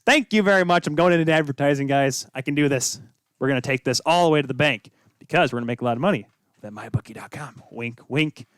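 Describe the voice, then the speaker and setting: A man's voice: medium pitch, fast talker, no room sound, studio quality. A young man hosting a solo sports talk show, rambling off on tangents with self-deprecating asides, tired from little sleep. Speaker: podcast host.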